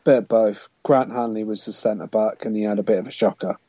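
A man co-hosting a football podcast, measured and understated as he shares stats. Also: on the low side, steady tone, mellow, slightly rough, dry recording. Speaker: podcast co-host. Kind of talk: casual football podcast chat. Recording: dry, dull lo-fi mic.

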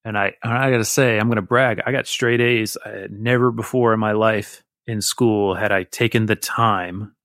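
A man's voice: fairly low pitch, steady tone, moderate pace, few pauses, a bit bright, no room sound, studio quality. A man in his forties, a guest who tells a rambling, candid, self-deprecating story in casual conversation.

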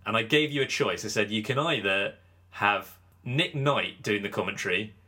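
A man's voice: on the low side, moderate pace, pushed and bright. A man hosting a cricket podcast, chatting casually and teasing his co-host with a joking manner. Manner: joking, teasing, mimics commentators. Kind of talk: casual chat.

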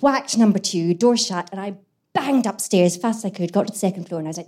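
Actress, co-host, lively comic storytelling, handheld mic, live audience. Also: female voice, mid-range voice, fast talker. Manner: lively, swearing, laughing through the story. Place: live venue before an audience. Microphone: handheld microphone.

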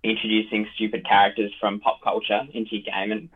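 A man's voice: lowish voice, completely flat delivery, brisk, breathy edge. A tired man chatting casually as a dungeon master, rambling with lots of fillers and restarts. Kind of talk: casual podcast chat. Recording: tinny phone-like line.

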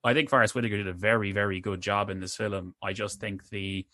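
A man's voice: on the low side, fairly even intonation, fast talker, sharp tone, no echo, studio quality. A man co-hosting a film review podcast, talking casually with many hesitant restarts. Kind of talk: casual chat.

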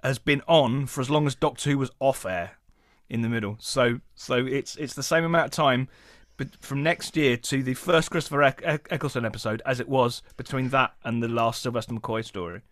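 A man, a comedy podcast guest, telling an animated, chatty story and laughing as he talks. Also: medium pitch, brisk, no echo, clean studio sound.

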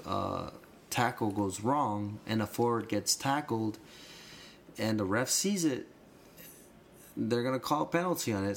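A man's voice: lowish voice, a little hiss or hum. A man in casual conversation explaining soccer rules, rambling and restarting phrases, with emphatic bursts. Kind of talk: casual chat.

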